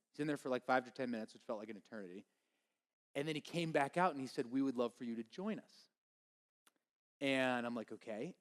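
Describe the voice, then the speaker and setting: A man from Minnesota preaching a sermon, telling a lively comic story and acting out the voices of the people in it. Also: a little high. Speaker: pastor.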